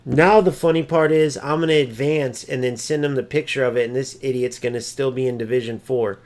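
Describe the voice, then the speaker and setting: A man's voice: steady tone, fairly quick, a little mellow. A man streaming a football video game, ranting at chat and mocking opponents, swearing freely. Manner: mimics opponents in a high sneering voice. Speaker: gaming streamer. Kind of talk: live gameplay commentary and chat.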